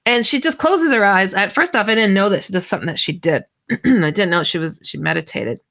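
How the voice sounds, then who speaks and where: Excitable woman with a gravelly, bright voice. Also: brisk. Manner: excitable, jumps high when acting out her own reactions; rambling with many false starts. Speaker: paranormal researcher guest. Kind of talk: animated personal storytelling in an online audio chat.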